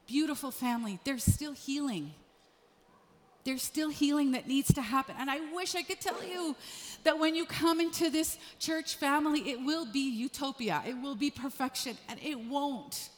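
A middle-aged woman pastor preaching a sermon, telling stories in an animated way that swings from quiet asides to raised emphasis. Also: sits high, moderate pace. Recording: long hall reverb.

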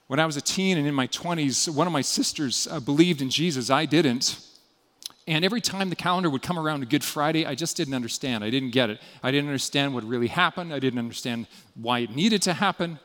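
Earnest preacher in an echoing hall. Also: male voice, a little high, brisk. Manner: earnest, dropping to a quiet, intimate tone for appeals. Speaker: pastor. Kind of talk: sermon. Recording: long hall reverb.

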